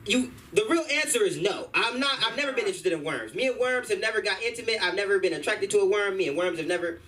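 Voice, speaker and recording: A male stand-up comic at an open mic in a comedy club, his voice high, animated, quick, pushed and bright. He tells rambling, slangy stories in a loose, casual way. A distant room mic catches him along with a faint hum.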